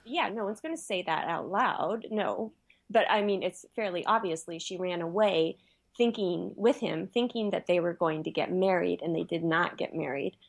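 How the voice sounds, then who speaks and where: A woman with a somewhat low voice chats casually, laying out her reading of a story. She explains her points in a matter-of-fact manner, with the odd filler. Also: moderate pace, gravelly. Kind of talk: casual chat.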